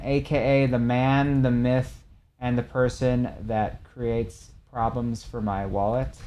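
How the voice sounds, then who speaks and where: A young adult man streaming live, chatting casually with his viewers and reacting animatedly, his voice swinging between loud and soft. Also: mid-range voice, a little hiss or hum.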